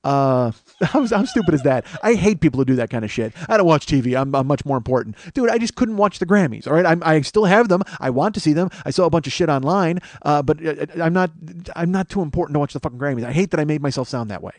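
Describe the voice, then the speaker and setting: A man in his forties rattles through a solo comedy podcast at a brisk clip, his voice sitting a touch high for a man. He rambles, swears freely and keeps undercutting himself. The close mic sounds dry, with no room around him. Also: animated, no room sound. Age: 40s. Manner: rambling, profane, self-mocking asides.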